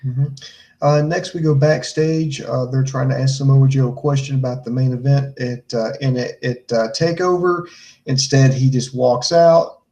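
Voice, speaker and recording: A man's voice: medium pitch, steady tone, normal speed, mellow, rough recording. Man recapping in a loose, filler-heavy way. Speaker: podcast co-host. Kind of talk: casual wrestling show recap.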